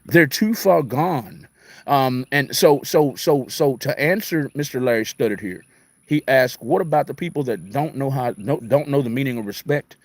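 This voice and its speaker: A middle-aged radio host with a mid-range, animated voice and moderate pace answers viewer comments on a casual live talk. He's emphatic, repetitive and preachy, mixing city and country speech, with no room sound.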